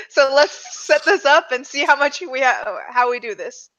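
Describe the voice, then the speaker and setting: Female player, chatty and laughing; bright, slightly high voice, muffled audio. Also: lively intonation, unhurried. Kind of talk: tabletop game chat.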